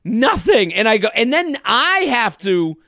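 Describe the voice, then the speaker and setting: A man in his thirties hosting a podcast, telling a comedic story in an animated way and acting out other people's lines. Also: high voice, unhurried, dry recording, studio quality. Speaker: podcast host. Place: studio.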